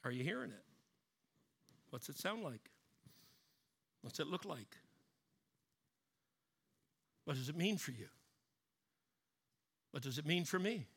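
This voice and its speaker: A man preaching a sermon, swinging from loud emphatic lines down to low, hushed ones. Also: sing-song, slow pace, creaky, long pauses, husky. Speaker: pastor.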